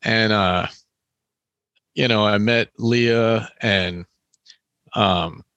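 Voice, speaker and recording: A young man tells a winding personal story in a loose, rambling way, leaning on fillers as he goes. His voice is bright and pushed forward, a little lower than most men. The sound is dry and close. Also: fairly even intonation, drawn-out words, no room sound, highs cut off. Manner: rambling, heavy use of "like" and "you know". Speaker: guest telling a story. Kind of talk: casual storytelling chat.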